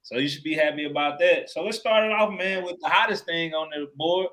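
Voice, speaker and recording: A man's voice: a little high, fairly quick, a bit bright. A man co-hosting a casual sports podcast, profane and joking, laughing often. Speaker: podcast co-host.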